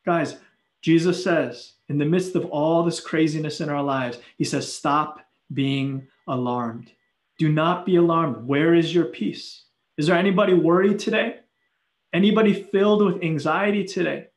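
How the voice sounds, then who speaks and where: A man preaching a sermon, earnest and animated, with playful acted asides. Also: fairly high pitch, normal speed, echoey room. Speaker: pastor.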